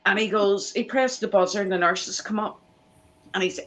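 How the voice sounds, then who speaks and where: A woman's voice: mid-range voice, normal speed, rough recording. A woman, telling family anecdotes in a casual live chat and acting out the people she quotes. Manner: animated anecdote teller, acts out quoted voices.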